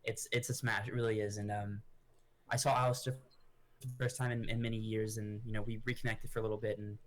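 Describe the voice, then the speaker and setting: A man's voice: lowish voice, flat delivery, fast talker, close to an everyday voice. A man voicing a grieving noblewoman adventurer who rambles and restarts her sentences. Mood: chatty. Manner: rambling and hesitant, with many restarts.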